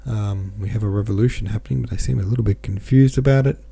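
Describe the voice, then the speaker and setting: Gravelly, dark-voiced man reading aloud. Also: fairly low pitch, fast talker. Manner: plain reading with small stumbles, casual sign-off. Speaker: podcast host and audiobook reader.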